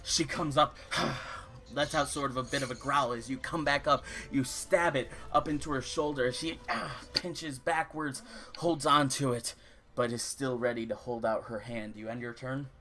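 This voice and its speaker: Bright-voiced young man running a game. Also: medium pitch, moderate pace, soft background music. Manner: lively descriptive narration with rules talk. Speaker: dungeon master. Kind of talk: narrating a tabletop game.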